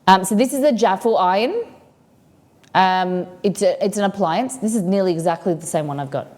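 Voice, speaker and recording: A woman's voice: mid-range voice, normal speed, darkish tone. Chatty Australian woman hosting a stream. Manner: rambling and chatty, reads viewer comments aloud. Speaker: cooking stream host. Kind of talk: casual livestream chat. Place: home kitchen.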